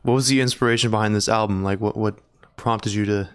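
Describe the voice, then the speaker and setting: A man's voice: lowish voice, fairly even intonation, fast, clean tone. A man hosting a casual podcast interview, easygoing and laughing along with his guest. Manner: easygoing, laughs along, asks short questions. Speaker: podcast host.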